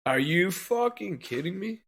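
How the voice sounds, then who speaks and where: A man with a bright, somewhat high voice co-hosts a podcast in a furious, profane rant. He swears in nearly every sentence and breaks into laughter between outbursts. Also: animated, unhurried, husky. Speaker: podcast co-host.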